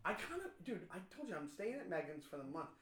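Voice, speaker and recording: Fast, high-voiced man telling a story. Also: roomy sound, noisy background. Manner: animated, swearing, acts out quoted voices. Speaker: podcast co-host, comedian. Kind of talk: casual chat, storytelling.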